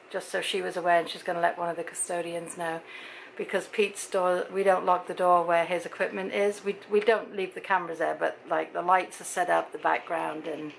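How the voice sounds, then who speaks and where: A woman's voice: lowish voice, creaky, slight background noise, rough recording. A middle-aged British woman vlogging in a casual, chatty way, telling stories and acting out both sides of each conversation, sounding tired. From Britain. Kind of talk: casual chat to camera.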